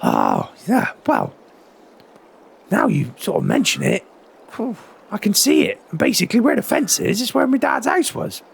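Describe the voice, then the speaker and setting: A man voicing a cheerful, chatty male farmer neighbour in a game roleplay, with a raspy, wobbly voice full of admiring "oh"s. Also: high voice, wildly swooping pitch, moderate pace, voice pushed up, heavily acted. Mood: impressed. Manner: friendly, impressed, lots of "oh"s.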